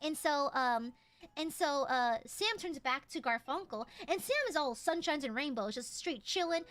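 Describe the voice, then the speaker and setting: Animated, high-voiced woman streamer. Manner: animated, exclaiming, swears freely. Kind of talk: casual storytelling on a live stream.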